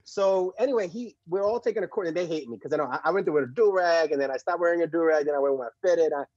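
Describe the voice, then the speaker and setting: A young Puerto Rican man talks very fast in a husky, somewhat raised voice, with slang and frequent laughter. He sounds like a guest on a casual podcast. The recording is dry and a little muffled. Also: on the high side, no room sound. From Puerto Rico. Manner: animated storyteller, slangy, laughs often.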